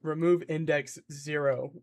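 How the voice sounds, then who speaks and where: A young man on a live stream who muses aloud as he builds something and keeps breaking off to answer his chat. He has a slightly higher voice and takes his time, drawling through his thoughts in a loose, joking ramble. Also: steady tone, a little slow. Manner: rambling, playful, reads chat aloud and thinks out loud.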